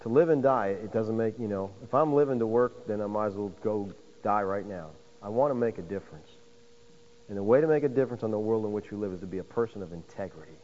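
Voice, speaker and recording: A man's voice: lowish voice, fast, a little mellow. Man, pastor, sermon delivery, emphatic, long hall reverb, muffled lo-fi sound. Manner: preaching with rising emphasis, addresses listeners as folks.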